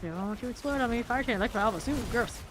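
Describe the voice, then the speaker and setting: A woman from Central Florida talks casually over her game stream, answering viewers and laughing easily. Her voice sits a little high, and a steady noise hums under the recording. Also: racing. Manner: chatty, laughs often, talks to chat. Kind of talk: casual live-stream chat while gaming.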